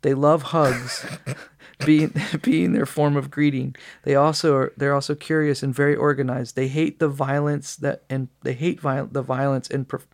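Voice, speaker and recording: A man's voice: medium pitch, little pitch movement, moderate pace, vocal fry. Giggly man reading aloud on a podcast. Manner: giggly, breaks into helpless laughter while reading. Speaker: podcast co-host.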